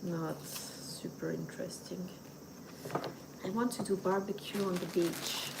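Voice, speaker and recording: In a very noisy recording, a middle-aged woman from France speaks a little slowly with a fairly low, steady voice and a French accent. Hosting her channel's casual livestream, she chats with viewers and uses French and Japanese words.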